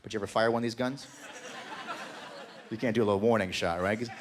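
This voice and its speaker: A man's voice: on the low side, fast, noisy background. A man doing a stand-up comedy set, telling crude rambling stories and talking to the crowd. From Canada. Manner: rambling storyteller, crude jokes, talks to the crowd. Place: comedy club stage with live audience.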